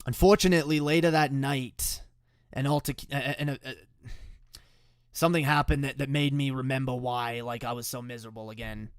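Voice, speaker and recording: A man's voice: medium pitch, steady tone, fairly quick, smooth, dry recording, clean studio sound. A young man telling a painful personal story in a raw, emotional way, swearing often and stumbling over restarts. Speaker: musician telling the story behind a song.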